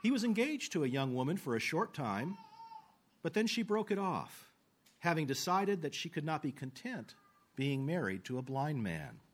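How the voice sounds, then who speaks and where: A man preaching a sermon, earnest, slowing down for scripture and falling low at the ends of phrases. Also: sing-song. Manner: slows down for quoted scripture.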